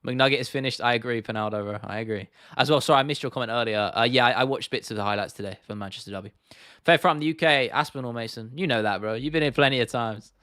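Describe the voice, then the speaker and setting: A man's voice: medium pitch, fast talker, sharp tone, smooth, no room sound, studio quality. A young British man in his twenties hosting a livestream, chatting casually, swearing freely and answering viewer comments in a rambling way. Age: 20s. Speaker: livestream host.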